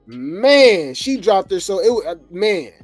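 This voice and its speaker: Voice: mid-range voice, very animated, a little slow, faint music behind. A host rambling casually through reality TV gossip commentary, chuckling often and full of fillers.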